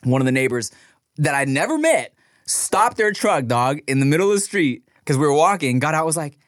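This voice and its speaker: This is a man in his thirties chatting on a food podcast. His voice sits fairly high and swings up and down a lot, and he often leaps into squeaky quoting voices. The recording is close and dry. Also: a little fast, no room sound. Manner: animated storyteller, swears freely, jumps to high voices when quoting people. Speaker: podcast co-host. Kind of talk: casual food podcast chat.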